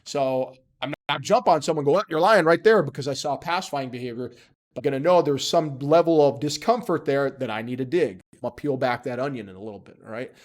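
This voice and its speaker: A man's voice: medium pitch, fast talker, a little mellow. Guy running a casual lesson, punchy and joking, keeps going "okay?". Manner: emphatic, often checks in with "okay?". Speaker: instructor.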